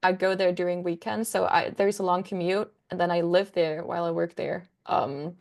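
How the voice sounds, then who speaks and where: A woman's voice: lowish voice, steady tone, normal speed, gravelly. A young woman, a book content creator, chatting as a guest in a casual interview, rambling enthusiastically with lots of fillers.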